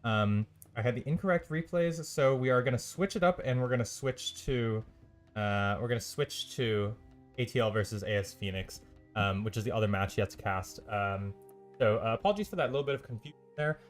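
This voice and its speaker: A male stream host casting a strategy game match solo, at a middling pitch and in a loose, chatty way. His talk is full of ums and uhs, with dry, sarcastic asides. Faint music plays underneath him. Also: brisk. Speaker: esports caster and stream host. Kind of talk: solo live game commentary.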